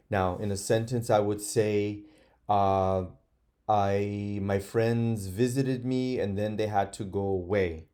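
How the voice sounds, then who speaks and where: Slow, mellow-voiced male teacher. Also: on the low side, steady tone. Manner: slow, patient, models sounding out words aloud. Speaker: first grade teacher. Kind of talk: online phonics lesson for children.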